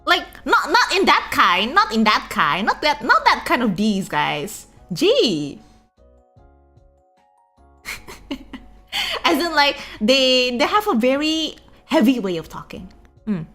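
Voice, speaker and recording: Young Indonesian woman streamer, slight Singlish accent, high lively voice, faint music behind. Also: slow pace, pauses often. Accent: Indonesian English with a touch of Singlish. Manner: chatty, giggly, lots of fillers. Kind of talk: casual chat.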